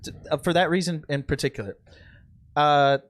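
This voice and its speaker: A man's voice: fairly high pitch, steady tone, normal speed. A young man co-hosting a casual podcast, emphatic and laying out his points step by step. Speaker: podcast co-host. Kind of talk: casual group chat.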